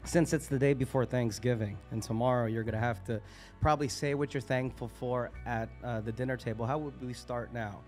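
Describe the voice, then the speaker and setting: A man's voice: medium pitch, fairly quick, a little mellow, soft background music. A man hosting a live open mic night, casual and hyped, swearing freely between acts. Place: live cafe event.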